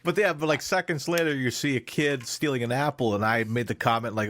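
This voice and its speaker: A man co-hosting a podcast, riffing loudly and cursing between laughs. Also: mid-range voice, a little fast, hardly any pauses, no echo. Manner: animated, swears a lot, laughs and riffs. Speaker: podcast co-host. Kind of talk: casual comedic chat.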